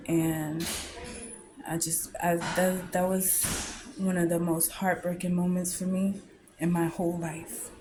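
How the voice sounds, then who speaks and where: A woman giving a candid, heartfelt personal message to camera, often halting and trailing off softly. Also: fairly low pitch, noisy background. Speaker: vlogger sharing a personal message. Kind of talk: emotional personal testimony to camera.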